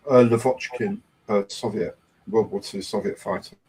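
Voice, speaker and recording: A man's voice: fairly low pitch, steady tone, normal speed, background noise. A man on a panel of a hobby livestream, casually explaining military history details. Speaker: panel guest on a hobby stream.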